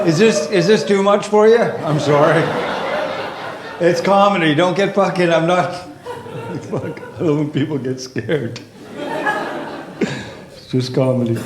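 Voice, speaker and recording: A man doing a stand-up comedy routine on stage, ranting with heavy profanity and rising to shouted exasperation. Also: fairly high pitch, background noise. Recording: echoey live club with crowd. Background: audience laughter.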